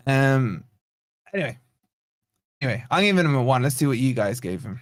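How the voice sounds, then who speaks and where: A man's voice: mid-range voice, very animated, brisk, dry recording. A man hosting a fan reaction livestream, exasperated and sarcastic as he rambles through player ratings. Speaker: fan channel host. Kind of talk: post-match reaction livestream.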